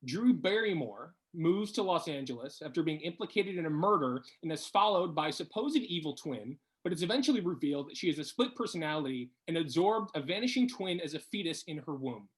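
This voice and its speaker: A host running a playful quiz, excitable and quick to laugh. The voice sits at a middle pitch as entries are read out.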